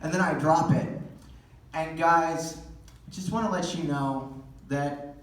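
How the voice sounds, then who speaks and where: A man's voice: on the high side, takes it slowly. A male stand-up comedian telling crude, rambling stories with lots of fillers. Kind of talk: stand-up set. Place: comedy theater stage. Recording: echoey theater recording from far off.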